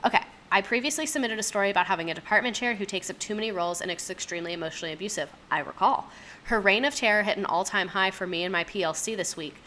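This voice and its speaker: A young woman with a medium-pitched, bright and pushed voice rattles off viewers' school stories at a rapid clip, rambling chattily and throwing in plenty of asides. There's a little hiss or hum in the audio.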